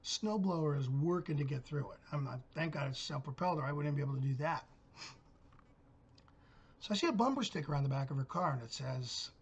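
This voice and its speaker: Gruff, husky middle-aged man ranting. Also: a little high, lively intonation, normal speed. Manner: blunt, gruff, cursing storyteller. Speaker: channel host. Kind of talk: profane rant monologue.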